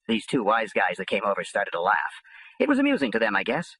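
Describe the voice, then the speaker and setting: A man's voice: on the low side, wildly swooping pitch, brisk, pushed and bright, slightly rough, no echo, rough recording. A man reading an audiobook in first person, with a blunt, streetwise delivery. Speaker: audiobook narrator.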